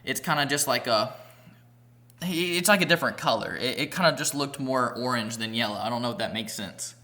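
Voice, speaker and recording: A man's voice: mid-range voice, fairly quick, sharp tone. A young man vlogger telling a rambling, profane story in a casual storytime vlog, packed with "like" fillers. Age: young adult.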